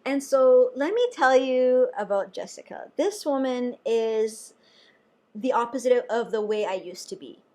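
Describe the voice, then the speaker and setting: A young adult woman, a nurse, telling a personal story to camera in a chatty, animated way with lots of fillers. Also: on the high side, unhurried.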